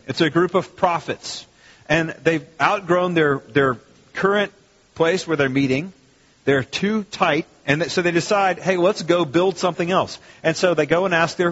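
A man with a slightly raised pitch preaches to his congregation, leaning on key words and restarting phrases as he goes. His voice is a little husky. It carries with a long hall reverb on a muffled recording. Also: a bit bright. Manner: conversational, emphatic preaching with restarts. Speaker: pastor. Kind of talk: sermon.

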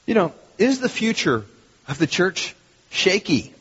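A man preaching a sermon as a pastor, animated and fond of rhetorical questions and repeated phrases. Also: sits high, measured pace, husky. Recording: long hall reverb, dull lo-fi sound.

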